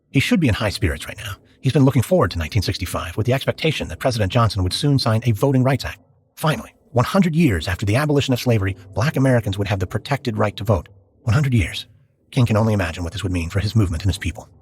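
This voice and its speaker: Fast-paced low-voiced male narrator. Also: animated, a little hiss or hum. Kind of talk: scripted podcast narration.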